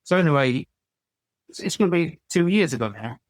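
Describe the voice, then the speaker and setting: A man's voice: on the high side, lively intonation, brisk, no room sound. Rambling man in his sixties. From England. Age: 60s. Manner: rambling anecdotal, frequent stammered restarts. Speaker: podcast guest. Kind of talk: casual storytelling chat.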